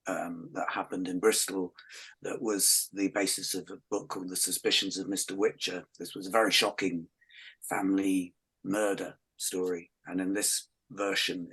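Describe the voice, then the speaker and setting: A man with a fairly low voice talking as a podcast guest. He is articulate and explains things in full sentences. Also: a bit bright, husky. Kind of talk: casual chat.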